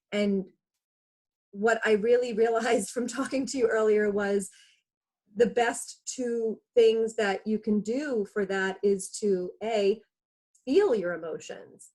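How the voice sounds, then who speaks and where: A woman's voice: mid-range voice, a little mellow. A woman co-hosting a casual chat on a video call, talking reflectively with many fillers and restarts.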